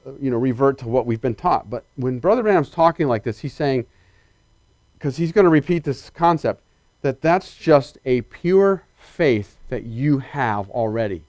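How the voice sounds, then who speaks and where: Swinging from loud excitement to quiet earnestness, a male preacher delivers an animated, emphatic sermon and questions his congregation directly. His pitch is medium, and the recording is dry.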